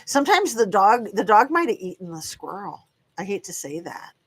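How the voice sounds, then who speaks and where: A woman's voice: medium pitch, very animated, normal speed, breathy edge. A woman in her fifties hosting a casual live stream from home, chatting to viewers and talking to her dogs in a rambling, friendly way. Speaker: true crime channel host. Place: home room.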